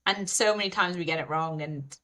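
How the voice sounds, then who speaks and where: Brief: woman, podcast guest, animated candid storytelling, lower pitch. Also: brisk. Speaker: mother of two. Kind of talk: casual podcast chat.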